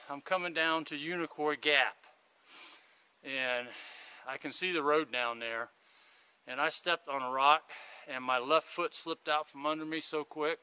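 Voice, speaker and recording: A man's voice: medium pitch, bright, forceful tone, clean tone. A man chatting to a handheld camera outdoors on a hiking trail, rambling through a long story in a casual vlog. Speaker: hiker vlogging his thru-hike. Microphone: handheld video camera.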